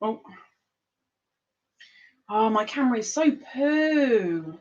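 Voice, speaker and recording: A woman hosting a live-streamed trivia game, chatty and playful, reading the questions out slowly. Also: on the high side, expressive, a little mellow, lo-fi sound. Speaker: livestream quiz host.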